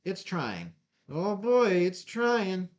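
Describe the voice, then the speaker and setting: A man's voice: high-pitched, sing-song, drawn-out words, lo-fi sound. Man, casual cooking stream talk, rambling, self-mocking, bouncy up-and-down voice. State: stuffy nose.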